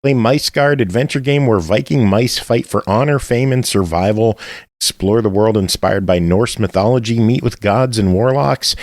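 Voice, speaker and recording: Male host with a low voice and a dry, close sound, relaxed, reads game blurbs and hands off to the co-host. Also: no room sound. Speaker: podcast host. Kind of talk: casual podcast hosting.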